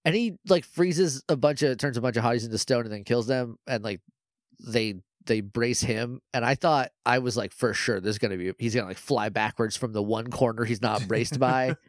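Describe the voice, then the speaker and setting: A man co-hosting a podcast, casually retelling a TV episode in an animated way, peppered with "like" and quick impressions. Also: mid-range voice, no room sound, studio quality. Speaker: podcast co-host. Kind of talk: casual episode recap chat.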